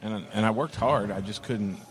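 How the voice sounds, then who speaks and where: A man's voice: on the low side, moderate pace. A middle-aged pastor with a Texan accent, telling his story frankly in casual table talk. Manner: frank, earthy storytelling with acted-out quotes.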